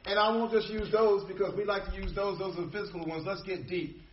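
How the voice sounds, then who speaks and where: A man's voice: sits high, steady tone, quick pace, far from the mic, highs cut off, a little hiss or hum. Emphatic preacher man in an echoey church. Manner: emphatic preaching with repetition and call-and-response. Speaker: pastor. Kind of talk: sermon.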